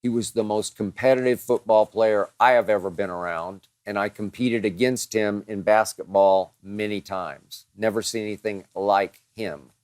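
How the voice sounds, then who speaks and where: A man's voice: fairly low pitch, fairly even intonation, moderate pace, hardly any pauses, darkish tone, no echo. A man hosting a show, answering listener questions in a dramatic, emphatic monologue that piles up strong words.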